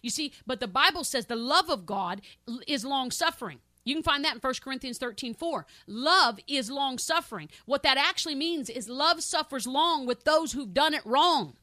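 Fervent woman preacher, high dry voice. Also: expressive, moderate pace, hardly any pauses, dry recording. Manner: fervent, repetitive, addresses listeners as saints; swings from loud exclamations to soft pleading prayer. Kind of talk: sermon.

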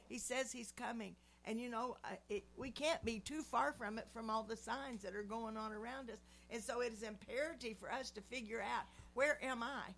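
A woman's voice: a little high, creaky, fairly bright tone, a little hiss or hum. A woman in her seventies praying and giving an earnest devotional teaching. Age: 70s. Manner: earnest, preacherly. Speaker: Christian speaker.

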